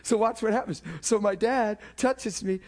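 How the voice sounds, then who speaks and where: A pastor delivers a sermon, recounting a personal story with animation, frequently laughing and repeating words. His voice is high and his pace moderate.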